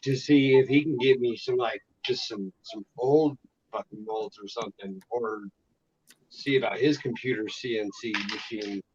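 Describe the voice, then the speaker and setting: A man's voice: mid-range voice, normal speed, a little mellow, lo-fi sound, slight background noise. A man chatting casually as a guest, swearing freely. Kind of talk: casual call-in chat.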